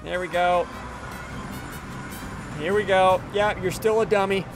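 A man hosting a video game playthrough, chatting excitedly and playfully taunting the creatures he fights. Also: sits high, slow, over music. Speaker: gaming video host. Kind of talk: Let's Play commentary.

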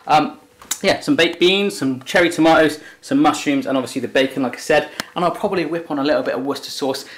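A man's voice: on the high side, quick pace, slight background noise. An English man hosting a casual cooking vlog from a home kitchen, chatty, jokey and upbeat. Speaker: cooking show host.

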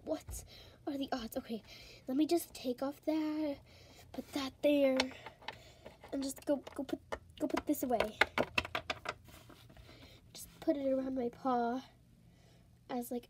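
A woman's voice: high voice, dark tone, far from the mic, slight background noise. A woman narrating a toy role-play, chatting to herself and trailing off as she sets things up. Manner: chatty, thinking aloud, trailing off.

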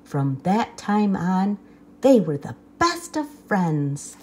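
Slow, lively woman reading a picture book. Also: mid-range voice, a little hiss or hum. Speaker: children's book reader. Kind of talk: read-aloud storytelling.

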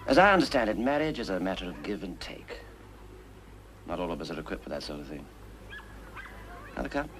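An actor playing a polite, precise middle-aged official in an old film, speaking in a dry, courteous manner. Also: male voice, sits low, big pitch swings, fairly quick, long pauses, background noise. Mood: genteel.

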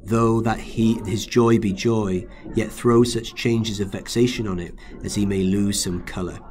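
A man's voice: lowish voice, fairly even intonation, measured pace, a little mellow, a little hiss or hum, natural voice. A man reading aloud as a scheming, villainous male soldier who stirs up panic with urgent commands.

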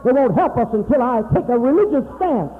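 A man preaching a sermon to his congregation in a mocking, profane manner, swinging between loud outbursts and hushed, confiding talk. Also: extremely high pitch, animated, fairly quick, slight background noise. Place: church hall. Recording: tinny old tape from a reverberant hall.

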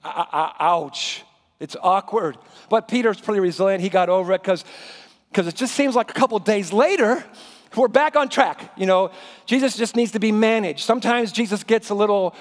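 A male pastor preaching a sermon in a church, telling the story in an animated, dramatic way. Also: high voice, normal speed. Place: church sanctuary. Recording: reverberant church hall.

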